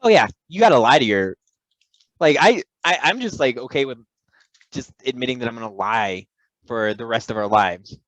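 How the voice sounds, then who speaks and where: A man co-hosting a comedy podcast, telling a long story in loose bursts with lots of restarts and self-interruptions. His voice sits at an ordinary middle pitch, recorded close and dry. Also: lively intonation, moderate pace, fairly bright tone, no echo, low-quality recording. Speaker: podcast co-host.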